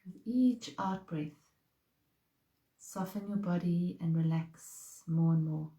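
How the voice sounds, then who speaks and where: A woman leads a guided meditation, speaking slowly and softly with a calm, unhurried manner. Her voice is very mellow and warm, a little low. The recording has a roomy echo. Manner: slow, soft, calm guidance. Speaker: meditation teacher.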